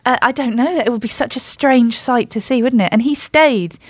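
A woman's voice: fairly high pitch, normal speed, dry recording. A woman co-hosting a book podcast, musing conversationally about an author she researched. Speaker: podcast co-host. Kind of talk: casual book-podcast talk.

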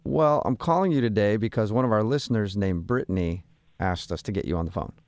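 Fast-talking, teasing male radio host. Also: fairly low pitch, darkish tone, dry recording, clean studio sound. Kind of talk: joking radio call-in banter.

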